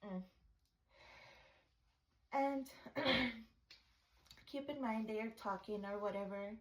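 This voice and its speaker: A woman's voice: on the high side, slow pace, reverberant, low-quality recording. Blunt, swearing woman podcast host. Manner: blunt and swearing, with dramatic asides. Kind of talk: casual storytelling.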